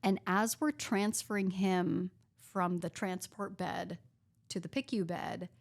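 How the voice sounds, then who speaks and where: A woman physician in a casual podcast chat, telling a story in an animated way, acting out what people said and using "like" often. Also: on the low side, slow, gravelly. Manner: animated, acts out quoted dialogue, frequent "like".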